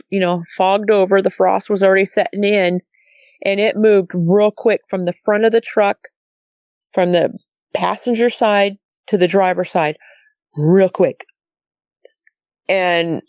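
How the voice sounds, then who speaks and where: A woman's voice: medium pitch, a little mellow, clean tone, no room sound. A middle-aged woman from Montana telling her own story as a guest, rambling and quoting herself and others as she goes. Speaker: guest recounting a sighting. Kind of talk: casual storytelling.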